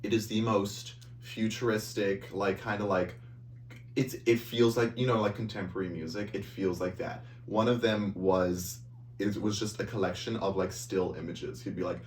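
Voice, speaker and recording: A man co-hosting a casual chat, telling crude jokes in a playful, animated way. His voice sits fairly low. He sounds a little far from the mic, in an echoey room with a faint hum behind him. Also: normal speed. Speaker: podcast co-host.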